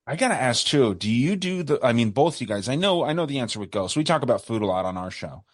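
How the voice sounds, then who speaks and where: A man's voice: medium pitch, big pitch swings, fast talker, no room sound, clean studio sound. An American man co-hosting a podcast, talking in an enthusiastic, rambling way. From United States. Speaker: podcast co-host. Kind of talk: casual podcast chat.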